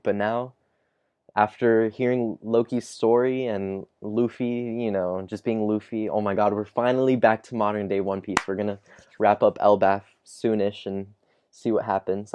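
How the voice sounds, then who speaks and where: Man, low mellow voice, dry close sound; casual recap reader who chuckles and trails off. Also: dry recording. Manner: chuckles often, trails off mid-sentence. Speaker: comic chapter reviewer. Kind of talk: casual recap reading dialogue aloud.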